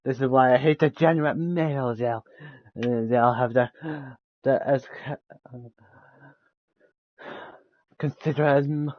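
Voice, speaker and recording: A man's voice: medium pitch, fairly even intonation, measured pace, long pauses, no echo, highs cut off. A man streaming a game, reading its dialogue aloud, stumbling over words, restarting lines and laughing between them.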